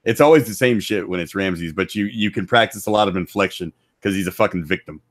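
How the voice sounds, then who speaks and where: Hoarse, low-voiced male voice actor. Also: fast, no room sound. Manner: crude, joking, lively. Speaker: voice actor guest. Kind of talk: casual podcast chat.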